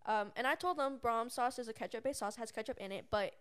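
A woman's voice: on the high side, quick pace, clean tone. A young woman telling a rambling work story in casual chat as a podcast co-host. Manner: rambling, many fillers and restarts.

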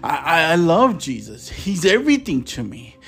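A man's voice: on the high side, wildly swooping pitch, moderate pace, creaky, a bit bright. A man hosting a preaching podcast, speaking with passion and stumbling a little when he reads scripture aloud.

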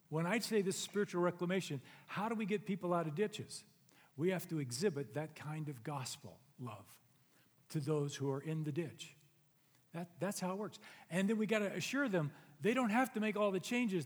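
A man's voice: on the high side, slightly rough. A middle-aged man preaching a sermon in a church, earnest and conversational, rising to emphatic peaks. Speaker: pastor. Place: church sanctuary. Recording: long reverb of a large hall.

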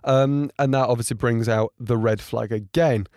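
A man giving casual reaction commentary on race highlights, rambling with frequent ums and getting indignant. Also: fairly even intonation, moderate pace, a little mellow, dry recording, studio quality. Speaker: motorsport commentator.

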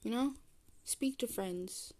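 A young woman's fairly high, warm voice moves at a slow pace as she hosts her podcast solo. Her chat is loose and meandering, full of restarts, trailing sentences, and corrections at her own expense.

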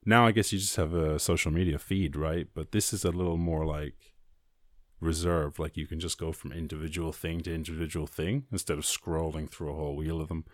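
A man's voice: extremely low pitch, steady tone, brisk, no room sound, studio quality. A male podcast host freestyle rhyming in a playful, rambling way, then chatting casually. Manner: playful, rambling, breaks off laughing at his own rhymes.

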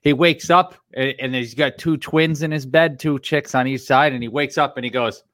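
A man's voice: mid-range voice, steady tone, normal speed, fairly bright tone, dry recording, clean studio sound. A man co-hosting a podcast, chatty and telling stories in casual talk. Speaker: podcast co-host.

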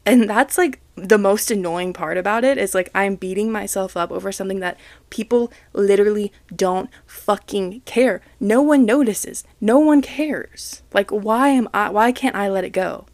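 She's a young woman running a casual solo podcast from her home as others come and go around her. Speaking in a mid-range voice at a moderate pace with hardly any pauses, on a dry recording, she vents candidly, pokes fun at herself, swears and laughs.

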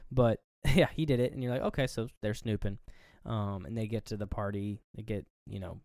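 A man's voice: fairly low pitch, steady tone, brisk, mellow, dry recording, studio quality. A man co-hosting a casual movie review chat, rambling and swearing as he acts out scenes. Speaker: podcast co-host.

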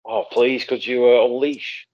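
A man's voice: mid-range voice, flat delivery, measured pace, a little mellow. A man in casual chat, hesitant and agreeable, searching for words. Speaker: podcast guest. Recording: dull lo-fi audio.

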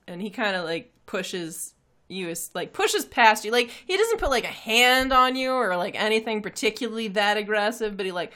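A woman's voice: medium pitch, lively intonation, moderate pace, sharp tone. A woman narrating a tabletop game as game master, hesitant and full of fillers.

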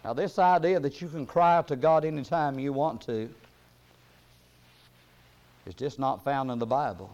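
A man preaching a sermon, reading scripture in a slow cadence and rising to loud emphatic peaks before dropping low and soft. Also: highs cut off.

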